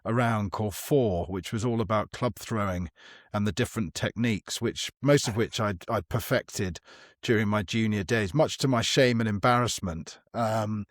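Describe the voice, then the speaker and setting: A man's voice: on the low side, moderate pace, no room sound, studio quality. A man hosting a chat podcast, a golf writer talking candidly and mocking himself. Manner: candid, self-mocking and conversational. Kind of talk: casual chat.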